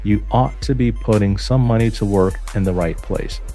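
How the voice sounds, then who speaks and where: A man's voice: on the low side, normal speed, mellow, faint music behind. A man hosting a financial advice podcast, talking emphatically and acting out his clients' lines in quotes. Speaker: financial advisor and podcast host. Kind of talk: solo podcast talk.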